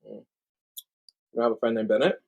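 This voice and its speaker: A man's voice: medium pitch, steady tone, moderate pace, vocal fry, phone-quality sound. A young man co-hosting a casual livestream chat, rambling and apologetic, laughing often. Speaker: livestream co-host.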